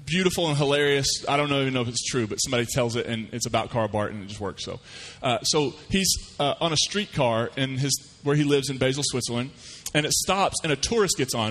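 A man delivers a sermon in a relaxed, folksy storytelling style. His voice sits at an ordinary pitch, and he slips into the voices of the people he describes. A long church reverb trails each phrase. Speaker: pastor.

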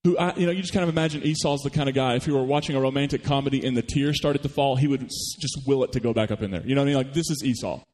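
A man preaching a sermon, retelling a story with animated rhetorical questions to the congregation. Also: mid-range voice, very fast, hardly any pauses, long reverb tail. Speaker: pastor. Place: church.

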